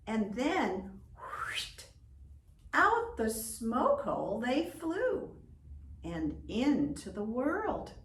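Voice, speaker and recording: A woman telling a folk tale in slow, expressive, drawn-out narration. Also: medium pitch. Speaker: storyteller. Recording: roomy echo, distant from mic.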